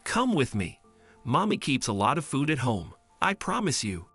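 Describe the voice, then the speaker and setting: A man's voice: mid-range voice, huge pitch swings, normal speed, fairly bright tone, slightly rough, no echo, faint music behind, heavily acted. A man voicing a sweet, sad little girl who talks in an earnest, pleading way.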